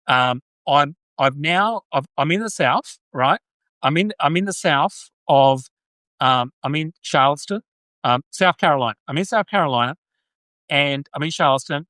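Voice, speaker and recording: Man, Australian accent, live-stream host, rambling chat, bright forceful voice. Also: on the high side, expressive, normal speed, no room sound. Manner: rambling, self-correcting, laughs at viewer replies. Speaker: podcast host. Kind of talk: live-stream chat answering viewer comments.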